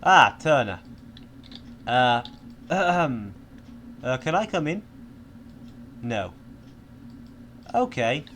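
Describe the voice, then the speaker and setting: A man's voice: medium pitch, sing-song, very slow, long pauses, noisy background. A young man giving playful gameplay commentary, mock-menacing and swearing often. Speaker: gaming YouTuber.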